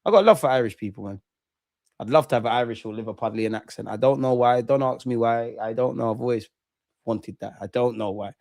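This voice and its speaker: A young man, chatting with viewers and shouting them out during a live football watch-along. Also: mid-range voice, a little fast, creaky, no echo, clean studio sound. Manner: chatty slang-heavy banter, shouting out viewers. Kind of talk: live reaction chat.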